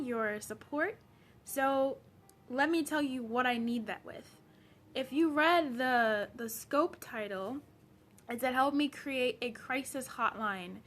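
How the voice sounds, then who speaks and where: A woman's voice: on the high side, fairly bright tone. A woman from Zambia, a personal development coach, chatting on a late-night live stream, greeting viewers by name.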